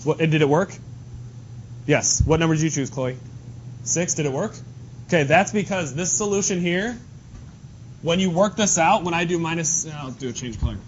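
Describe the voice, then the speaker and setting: A male math teacher giving a lively, joking lesson to his class in a classroom. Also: fairly high pitch, normal speed, pauses often. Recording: dull lo-fi classroom recording with faint noise.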